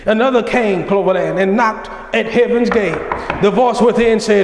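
A man's voice: sits high, moderate pace. A man, a senior minister, delivering a sermon in a fervent, pleading preacher's cadence. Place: church sanctuary. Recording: echoey church hall.

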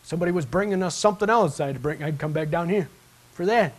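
A man's slightly high voice moves at a fast clip as he preaches in a church sanctuary. The sermon is relaxed and conversational, built on stories in which he acts out each person's voice.

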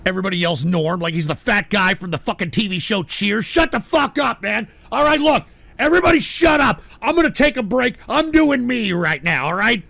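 High gravelly shouting radio host man. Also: animated, normal speed, few pauses, no echo. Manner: shouting, profane, exasperated outbursts. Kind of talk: live call-in radio rant.

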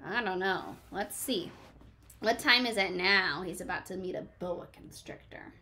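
A woman's voice: mid-range voice, a little slow, pushed and bright. A woman teacher reading a picture book aloud to a class, asking questions and encouraging children by name.

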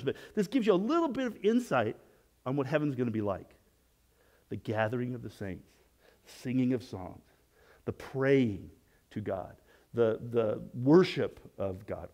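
A man preaching a sermon in a conversational way, asking rhetorical questions and often restarting his sentences, and dropping to a soft hush when he voices prayers. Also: mid-range voice. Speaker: pastor.

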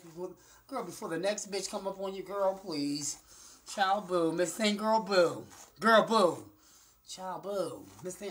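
A woman ranting to her phone camera indoors, campy and profane, calling everyone "girl" and swinging between loud bursts and low muttered asides. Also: background noise. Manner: brash, profane, campy, repeats "girl" and "honey" constantly. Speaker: vlogger. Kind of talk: sassy off-the-cuff rant to camera. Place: indoors, small room. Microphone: phone camera at arm's length.

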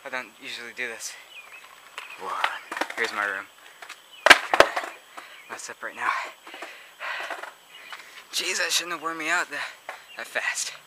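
A man's voice: medium pitch, animated, a little slow, long pauses. Young male vlogger, breathless, chatty, noisy outdoor camera audio. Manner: chatty, breathless, narrating what he films. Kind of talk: casual handheld vlog. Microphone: handheld camera mic.

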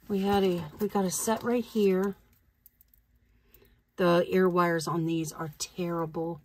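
Slow, breathy woman chatting through an unboxing. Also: on the low side, dry recording. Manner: chatty, thinks aloud, slow and unhurried, laughs easily. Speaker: reseller vlogger. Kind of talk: casual unboxing chat.

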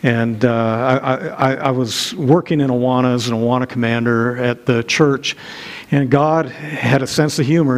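Here a middle-aged man preaches as pastor in a church sanctuary, his voice mid-range. He tells a personal story in a chatty, self-deprecating manner, frequently starting over.

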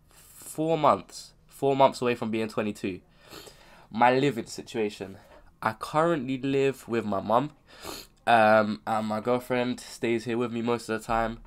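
A man's voice: lowish voice, smooth. A man of twenty-one, talking casually to camera at home, sounding ill and rambling with frequent self-corrections. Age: 20s. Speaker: content creator. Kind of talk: casual unscripted vlog. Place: home bedroom.

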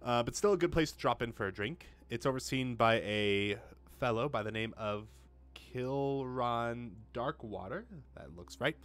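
Speaking at a measured pace in a mid-range, slightly bright voice, this young man narrates his gameplay casually for a let's play. Recorded on a home desk mic with a pop filter, he reads dialogue out, mocks himself chattily, and curses occasionally out of frustration.

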